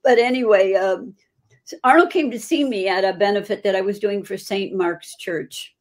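An older woman, a guest performer, telling lively anecdotes in a casual chat. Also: mid-range voice, normal speed.

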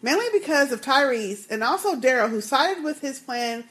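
A woman's voice: high-pitched, animated, moderate pace, fairly bright tone. A woman co-hosting a casual podcast, chatting and laughing as she reads listener emails aloud. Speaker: podcast co-host.

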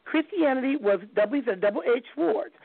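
A woman hosting a call-in talk show, speaking earnestly and reflectively with a gravelly voice. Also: sits high, lively intonation, moderate pace, no room sound. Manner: earnest, reflective, reads messages aloud. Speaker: radio talk show host. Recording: dry, phone-like lo-fi audio.

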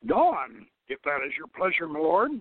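A man's voice: fairly high pitch, big pitch swings, normal speed, no echo. A man voicing a scheming old male prophet advisor who speaks earnestly and persuasively. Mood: eager. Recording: dry, tinny phone-like radio sound.

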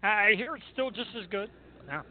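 A man's voice: sits high, lively intonation, fairly quick. A man hosting a radio show, chatting casually in a joking, self-mocking way. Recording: tinny phone-like line.

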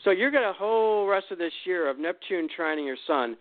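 A man walks callers through their astrology readings in a relaxed, explanatory way, filling pauses as he goes. His voice is a bit high. It comes through a dry, tinny phone line. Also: no echo. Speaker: guest astrologer. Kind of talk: call-in radio astrology reading.

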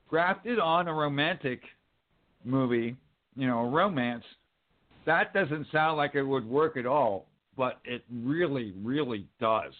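Thoughtful man on a tinny line. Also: fairly high pitch. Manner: thoughtful, repeats words as he thinks. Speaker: podcast co-host. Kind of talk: casual chat about films. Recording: tinny phone-like sound.

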